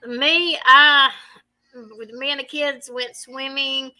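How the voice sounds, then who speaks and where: A woman's voice: sits high, fairly even intonation, slow, sharp tone, poor audio. A woman with a Southern US accent co-hosting a casual live-stream chat, reading viewer comments aloud and laughing often.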